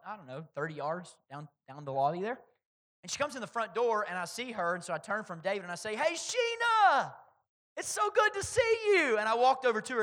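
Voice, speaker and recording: A man preaching a sermon as pastor, swinging between loud, stressed points and quiet, hushed storytelling. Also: high-pitched.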